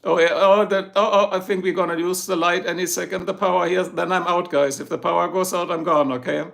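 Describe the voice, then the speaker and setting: Gravelly German man hosting a live chat. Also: high-pitched, fairly even intonation, a little fast, fairly bright tone. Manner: chatty, joking, greets viewers by name. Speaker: livestream host. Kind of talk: casual live chat reading comments. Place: home in Ohio.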